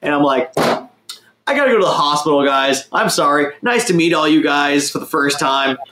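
Against a noisy, reverberant background, a young man with a higher-pitched voice relates a crude story at a moderate pace during a casual conversation. The telling is profane and wandering, full of self-mockery.

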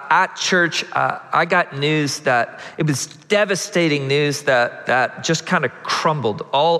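A pastor in his thirties preaches a sermon with a high, bright voice that moves at an unhurried pace. He tells a personal story and then swells into passionate calls to the congregation. His voice rings through a large sanctuary with a long hall reverb. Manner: storytelling, building to impassioned preaching.

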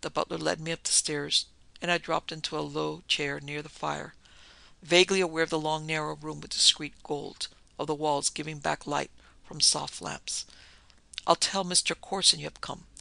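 Male audiobook narrator, steady measured reading, gravelly, very bright tone. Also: a little high, dry recording, poor audio. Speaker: audiobook reader. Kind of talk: scripted narration.

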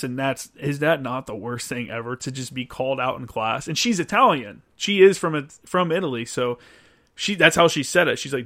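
A man's voice: mid-range voice, normal speed, sharp tone. A man hosting a show and answering listener questions, telling a story in a loose, casual way, swearing often and restarting his sentences. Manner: loose and profane, with many "like"s and restarts.

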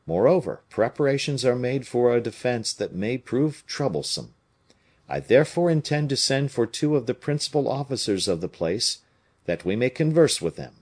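A man reading a novel aloud, voicing a bold, shrewd male musketeer captain with a commanding, brisk manner and a lively lilt. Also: medium pitch, pitched above the performer's own voice.

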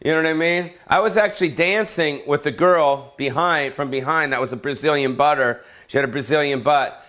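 A man's voice: fairly high pitch, a little fast, a bit bright. A middle-aged male comedian ranting alone, profane and rambling, full of fillers and tangents. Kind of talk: solo comedic rant.

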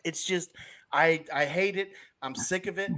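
A young adult man hosting a casual sports podcast over a video call, riffing in an animated way. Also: sits high. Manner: animated, riffing, quick asides. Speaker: podcast host.

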